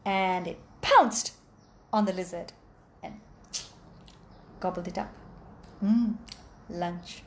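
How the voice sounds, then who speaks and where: A woman telling a folk tale aloud in an animated, expressive way, adding sound effects. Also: on the low side, slow pace, long pauses, a little hiss or hum. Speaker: storyteller. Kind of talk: oral storytelling.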